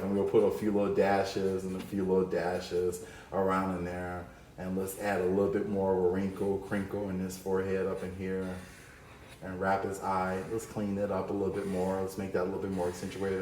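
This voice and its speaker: A man's voice: deep voice, a little mellow, roomy sound, a little hiss or hum. A man teaching a cartoon drawing lesson, upbeat and playful as he talks through each stroke. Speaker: art teacher.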